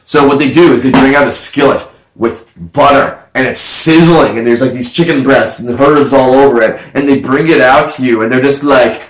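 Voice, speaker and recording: A young man from Canada telling a story in casual chat, animated and swearing freely. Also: medium pitch, moderate pace, few pauses, echoey room, rough recording. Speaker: podcast guest.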